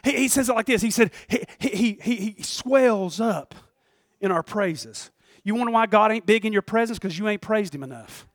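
High-voiced fervent folksy man preaching. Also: lively intonation, fairly quick, few pauses, no room sound, studio quality. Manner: fervent, shifts between shouting and hushed asides; folksy, chuckles often. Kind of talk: sermon.

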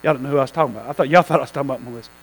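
A man preaching a sermon to a church, telling a story with lively asides and calls to the congregation. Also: medium pitch, racing, rough recording. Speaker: pastor.

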